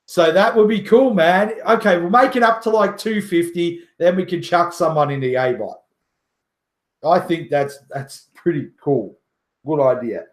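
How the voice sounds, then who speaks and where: A joking, boastful man chats on his livestream, laughing often and swearing. His voice sits fairly high and he talks at a slow, unhurried pace. The sound bounces around an echoey room. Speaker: livestream host. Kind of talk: casual livestream chat.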